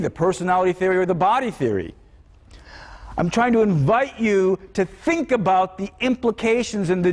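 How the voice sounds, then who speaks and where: A male philosophy lecturer talks to a class in a high, lively voice that rises and dips with every point. He thinks aloud and keeps turning questions back to the students. The sound carries a long reverb from the lecture hall.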